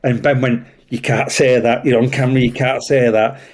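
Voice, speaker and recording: A man with a Yorkshire accent, a traffic police officer telling a story in casual chat, animated and swearing freely. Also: medium pitch, normal speed. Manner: animated, swears freely, acts out voices in anecdotes.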